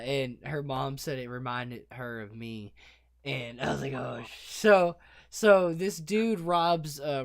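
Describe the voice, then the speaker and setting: A man's voice: a little high, no room sound, studio quality. Rambling, profane man on a podcast. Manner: rambling, profane, animated storytelling. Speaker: podcast co-host. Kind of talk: casual drinking-podcast chat.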